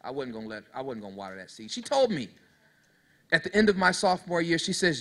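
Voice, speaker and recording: Man, 30s, motivational speaker for youth: call-and-response, folksy storyteller, slightly high voice. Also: sing-song, quick pace, sharp tone. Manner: preachy call-and-response, talks straight to the audience. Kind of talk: motivational speech.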